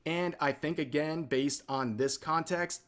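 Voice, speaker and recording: A man narrating a commentary video in a measured, explanatory way. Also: a little high, a bit bright. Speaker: commentary youtuber. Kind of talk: commentary narration in a played clip.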